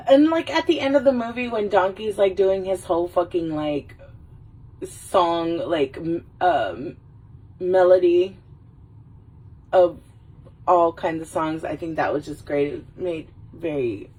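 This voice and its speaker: A tipsy woman rambles and swears cheerfully with a husky, slightly breathy voice. She sits a little back from the microphone, so she sounds distant. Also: on the low side, dark tone. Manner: rambling, swears a lot, does quick silly movie voices. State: a little drunk. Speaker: vlogger. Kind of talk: casual tipsy chat.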